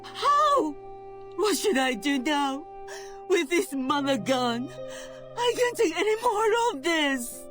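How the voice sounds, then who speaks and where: A man voicing a distraught young woman in a high falsetto while reading a game aloud. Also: sing-song, slow pace, sharp tone, faint music behind, full character voice. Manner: squeaky high falsetto, pleading.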